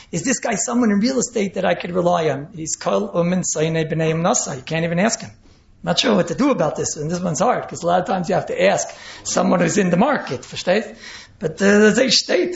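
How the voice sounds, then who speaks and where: A man's voice: sits high, gravelly. A man with giving an informal Torah lecture as a rabbi, rambling, chuckling, and mixing in Hebrew and words. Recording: roomy, dull lo-fi recording.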